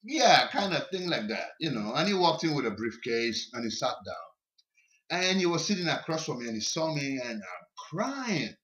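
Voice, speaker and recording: A man who is a podcast guest, telling a personal story in a casual, animated way and often repeating words, recorded in a basement. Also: a little high, normal speed, a little hiss or hum.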